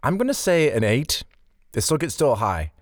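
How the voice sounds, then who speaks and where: A man's voice: medium pitch, sing-song, normal speed, no echo, clean studio sound. A man co-hosting a podcast, easygoing and joking, rambling a little as he talks. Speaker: podcast co-host. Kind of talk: casual chat.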